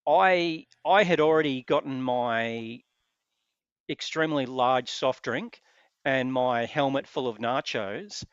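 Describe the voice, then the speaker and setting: A man's voice: medium pitch, takes it slowly, clean tone, dry recording, lo-fi sound. A man with an Australian accent hosting a casual chat, telling stories with hesitant restarts. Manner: animated storyteller with hesitant restarts. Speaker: podcast host.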